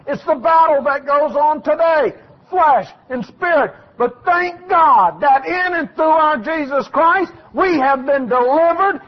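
Male preacher, very high husky voice, fiery folksy delivery, muffled lo-fi recording. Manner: folksy, shouting at peaks then dropping low. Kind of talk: fiery sermon.

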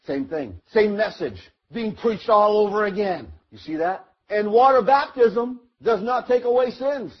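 A man with a high, husky voice preaches a Bible sermon. He teaches verse by verse, asking the listeners questions. The recording sounds muffled and lo-fi. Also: expressive, measured pace, few pauses. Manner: storytelling, acts out the crowd and Noah, rising to shouts.

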